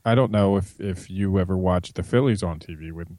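A man's voice: sits low, fairly quick, dark tone, no room sound. A man co-hosting a casual podcast chat, griping at length with frequent restarts. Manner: rambling, gripes with restarts. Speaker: podcast co-host.

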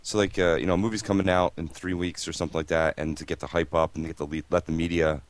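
A man's voice: low voice, flat delivery, fast talker, slight background noise. A man in casual podcast chat, blunt and crude in his jokes.

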